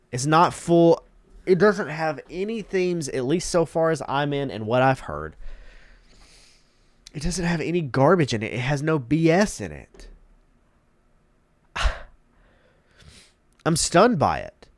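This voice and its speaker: A man's voice: on the high side, sing-song, unhurried, pauses often, no room sound. A congested man hosting his own channel, giving emphatic, opinionated commentary and repeating key words for effect. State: congested, stuffed-up nose. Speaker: channel host.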